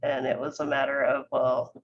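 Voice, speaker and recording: A gravelly voice at a middle pitch belongs to a co-host who reads viewer comments aloud on a livestream. The delivery is relaxed and wry, with easy laughter. Faint hiss sits under dull, lo-fi computer audio. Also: moderate pace. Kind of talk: casual conversational livestream chat.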